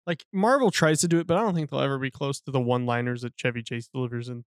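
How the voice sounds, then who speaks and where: A man's voice: medium pitch, very fast, no room sound, clean studio sound. A man co-hosting a podcast, chatting casually about a film with profane, rambling, laughing talk. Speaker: podcast co-host. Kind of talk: casual movie-review chat.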